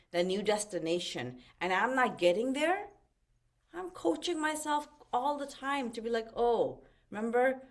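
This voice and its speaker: A middle-aged woman life coach giving a motivational webinar talk, expressive, with lively swings in pitch and loudness.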